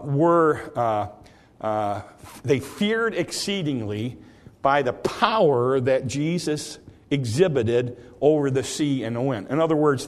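A man preaching a sermon, telling the story in a folksy way with many fillers and restarts, now and then bursting into loud dramatic quotes. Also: medium pitch. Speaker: pastor.

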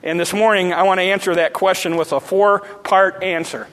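A man preaching a sermon, drawing out scripture quotes slowly and rushing through casual asides. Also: high voice, fairly even intonation, a bit bright, in a large hall, rough recording. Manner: preaching with slow emphatic quotes and fast asides. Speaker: pastor. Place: church sanctuary.

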